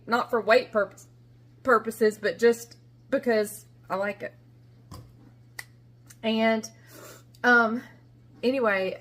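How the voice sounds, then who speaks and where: A woman's voice: mid-range voice, fairly bright tone. A middle-aged woman with a Southern American accent, telling a rambling, folksy story in a casual kitchen vlog. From Southern United States. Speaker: vlogger. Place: home kitchen.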